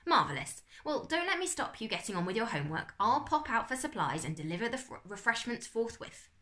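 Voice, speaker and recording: A woman's voice: on the high side, very animated, fairly quick, bright, forceful tone, pitched above the performer's own voice. A woman reading aloud and voicing a cheerful, fussy older uncle in a children's storybook, with a hearty, flustered manner. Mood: jovial.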